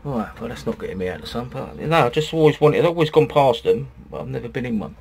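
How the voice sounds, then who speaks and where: A man's voice: medium pitch, animated, quick pace, gravelly, darkish tone, husky. Rambling man, casual vlog. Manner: chatty, rambling, swears casually. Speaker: campervan vlogger. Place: outdoors by a campervan in the sun.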